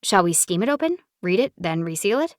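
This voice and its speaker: Brief: female narrator doing a wry young lawyer, dry and playful, voice lower than average. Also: sing-song, a little fast, no echo. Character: wry young woman lawyer, teasing her sister.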